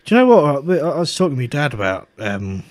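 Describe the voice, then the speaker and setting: A young man, co-hosting a casual chat podcast, excitable and swearing freely. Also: a little high, quick pace, no echo. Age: young adult. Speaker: podcast co-host.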